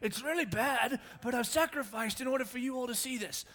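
A man's voice: very high voice, fairly quick, a bit bright, voice pushed up. A preacher doing a breathless man caught in a sandstorm. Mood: strained.

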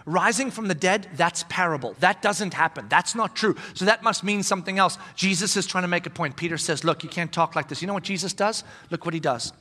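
Male pastor, high and bright, preaching in an animated, conversational way in a reverberant hall. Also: fairly quick, few pauses. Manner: animated, acts out quoted voices. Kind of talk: conversational sermon.

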